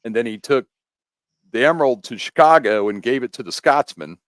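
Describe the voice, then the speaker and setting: A man's voice: mid-range voice, brisk, no room sound. American guy on a podcast rambling through his theories, dry close sound. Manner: rambling, animated explaining with restarts. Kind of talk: casual chat.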